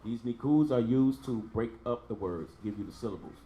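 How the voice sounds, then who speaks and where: A man's voice: medium pitch, moderate pace, echoey room, highs cut off. A man teaching a Hebrew class, patiently repeating each sound for his student. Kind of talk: online language lesson.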